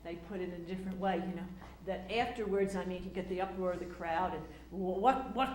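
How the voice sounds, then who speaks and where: An older woman telling stories in a casual, animated way, acting out quotes with lots of fillers and restarts. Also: lowish voice, a little fast, roomy sound, a little hiss or hum. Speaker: speaker recounting memories. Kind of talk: casual storytelling talk.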